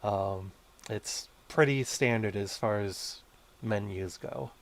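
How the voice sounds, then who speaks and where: Slow male game master, lowish voice, filler-heavy narration. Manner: unhurried, with many fillers.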